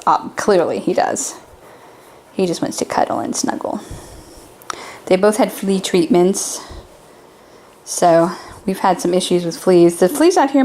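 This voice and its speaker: A young woman talks casually to her camera at home, upbeat and rambling. Her voice sits a little low. A faint hum of the room runs underneath. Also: a little mellow. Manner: chatty, cheerful, talks to her pets in baby talk. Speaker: vlogger. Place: home kitchen and living room.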